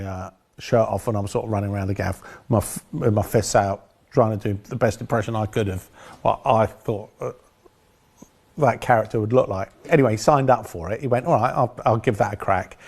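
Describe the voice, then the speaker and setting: A man's voice: on the low side, a little fast, creaky, a little mellow. A man, a film director, telling rambling anecdotes in an interview with dry humor.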